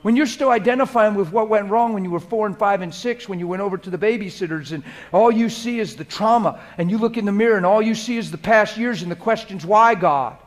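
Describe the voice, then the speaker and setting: In a church hall, a pastor with a voice that sits high preaches a sermon to his congregation, speaking directly to the people in front of him. His manner is earnest and conversational, swinging from soft, hushed prayer to loud, lively preaching.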